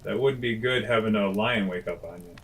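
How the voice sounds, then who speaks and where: A man reading classic children's stories aloud at bedtime, gentle and homely, with chatty asides. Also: lowish voice, fairly quick, low-quality recording. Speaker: storyteller. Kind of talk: bedtime story read-aloud.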